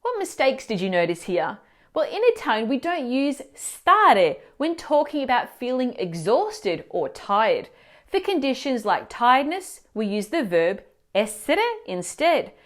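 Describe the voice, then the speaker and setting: A woman teacher explaining grammar mistakes in clear, instructive scripted narration, asking the viewer questions. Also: a little high, very animated, unhurried. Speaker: language teacher.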